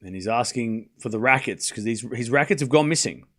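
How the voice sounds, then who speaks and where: A man's voice: mid-range voice, animated, a little fast. Chatty man calling tennis play-by-play. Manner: joking, chatty, answers viewers' chat. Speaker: streamer commentating a live tennis match. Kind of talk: casual watchalong play-by-play.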